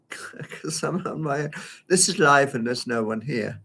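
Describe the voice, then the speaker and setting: A man's voice: medium pitch, lively intonation, measured pace, creaky, sharp tone, breathy edge. A man giving a live solo performance at home, rambling and flustered as he talks to himself. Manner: rambling, flustered self-talk. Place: at home by a window.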